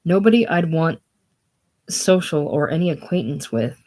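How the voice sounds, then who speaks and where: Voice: medium pitch, animated, normal speed, warm tone, close to an everyday voice. A reader voicing a sickly, lonely older man with a grandiose, self-pitying manner in a casual play reading. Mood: brooding. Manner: theatrical, brooding, self-pitying.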